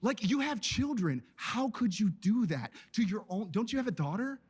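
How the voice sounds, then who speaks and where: High, husky, impassioned debater. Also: male voice, very animated, moderate pace, a little mellow. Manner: impassioned, ranting and accusatory. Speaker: debate participant. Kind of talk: heated debate argument.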